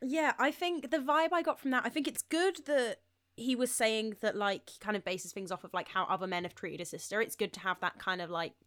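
A woman's voice: a little high, brisk, fairly bright tone, dry recording, studio quality. A young woman of twenty-one chatting casually on a podcast, giggly and slangy. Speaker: podcast co-host. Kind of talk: casual chat.

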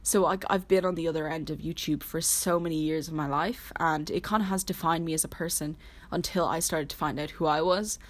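A woman's voice: low-pitched, steady tone, a little fast. A woman in her early twenties talking casually and earnestly as a solo host, rambling with constant "like" fillers. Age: 20s. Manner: rambling, heavy use of "like", earnest. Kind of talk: casual solo podcast chat. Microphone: laptop.

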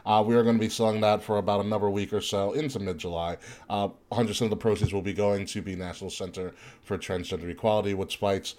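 Young male co-host, lower voice, relaxed and filler-heavy. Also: fast, few pauses. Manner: easygoing, laughs often, loose plugs with fillers. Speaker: podcast co-host. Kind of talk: casual chat and merch plug.

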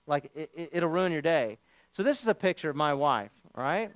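A male pastor preaching a sermon, telling a funny story in an animated, joking way. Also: on the high side, fairly quick, dry recording.

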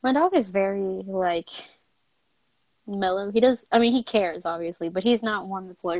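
A woman's voice: mid-range voice, moderate pace, dry recording. A young woman co-hosts a casual podcast chat, candid and self-mocking, breaking into laughter often. The sound is dry and close, with a dull, lo-fi edge. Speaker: podcast co-host.

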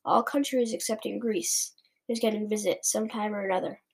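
A woman's voice: medium pitch, steady tone, brisk, creaky, slightly rough. A woman voicing a big, kindly male giant who mangles his words, in a storybook read-aloud. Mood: earnest. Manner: mangles words, gentle and earnest.

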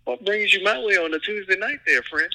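A man's voice: high voice, fairly quick, vocal fry, sharp tone, poor audio. A man co-hosting a podcast, joking around in casual chat with frequent stammered restarts. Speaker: podcast co-host.

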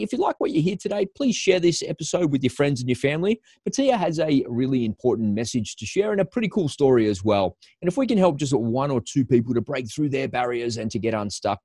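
A man's voice: medium pitch, animated, brisk, few pauses, darkish tone, no echo, clean studio sound. A man hosting an interview podcast, upbeat and polished as he reads promos and introduces his guest. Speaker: podcast host.

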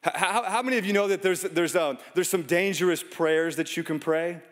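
Chatty pastor preaching in an echoing hall. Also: male voice, high voice, a little fast, a bit bright. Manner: conversational storytelling with self-deprecating humor. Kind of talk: sermon. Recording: long reverb of a large hall.

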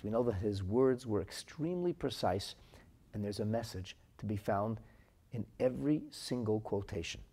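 Animated gravelly man teaching a text. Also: medium pitch. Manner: animated, emphatic, reads Hebrew quotes then translates. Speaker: Torah teacher. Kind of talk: explaining a religious text.

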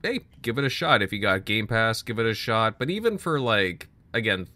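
A man's voice: fairly low pitch, sing-song, normal speed, sharp tone, dry recording. A man hosting a casual gaming podcast, steering the talk and agreeing easily with the guests. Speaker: podcast host. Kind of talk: casual chat.

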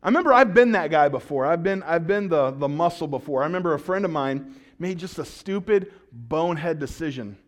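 A man's voice: fairly high pitch, a little fast. A male pastor preaching a sermon, telling stories with jokes and acted-out quotes. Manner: storytelling, animated and joking, with acted-out quotes.

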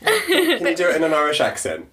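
A woman's voice: fairly low pitch, wildly swooping pitch, brisk, a loud crowd. A woman joking on a comedy podcast, teasing and laughing.

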